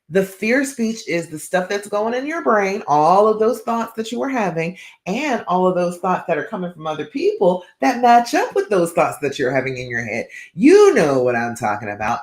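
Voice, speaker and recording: A woman's voice: on the low side, darkish tone. A woman relationship coach giving direct advice on a live stream, often checking in with her listeners. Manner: direct, keeps checking in with "all right?". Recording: roomy echo.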